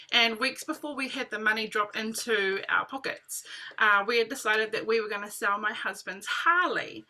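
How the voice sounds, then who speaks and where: A woman telling her personal testimony to a group, in animated casual storytelling full of "like" and "literally". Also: fairly high pitch, normal speed. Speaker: team member sharing testimony.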